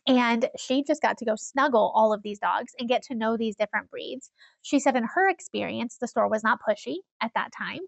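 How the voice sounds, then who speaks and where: A woman co-hosting a casual chat podcast, telling stories with animated energy and frequent laughs. Her voice is a little high with a gravelly edge. The sound is dry and close. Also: brisk, dry recording. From Iowa. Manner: animated storyteller, laughs often, acts out quoted people. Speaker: podcast co-host.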